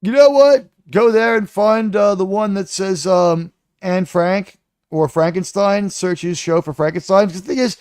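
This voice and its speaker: A male stream host with a high-pitched voice and a sarcastic, mocking way of telling stories. The sound is close and dry, with no room echo. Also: measured pace, a little mellow, clean tone. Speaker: livestream host. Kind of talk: live stream rant.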